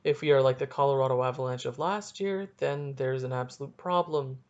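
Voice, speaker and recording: A young man hosting a solo sports podcast, ranting excitably and cutting himself off mid-sentence. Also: medium pitch, a little fast, muffled recording. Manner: excitable, ranting, self-interrupting. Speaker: podcast host.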